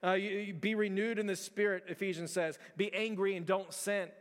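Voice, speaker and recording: A man's voice: high-pitched, steady tone, brisk, big-room sound. A male pastor preaching a conversational sermon, with frequent restarts and fillers.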